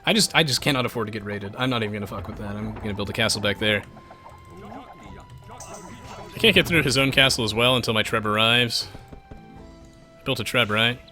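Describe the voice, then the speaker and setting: A man's voice: fairly low pitch, fast, pushed and bright, faint music behind. A man live-streaming a strategy game, chatting with viewers in a self-mocking, rambling way with lots of restarts.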